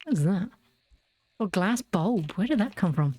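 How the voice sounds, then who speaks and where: A woman talks her way through a video game, rambling from story to story. She giggles often as she goes, and her voice sits at an ordinary, middle pitch. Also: animated, moderate pace, dark tone, husky. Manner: chatty, giggly, tells rambling anecdotes. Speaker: gaming video host. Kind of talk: casual gameplay chat.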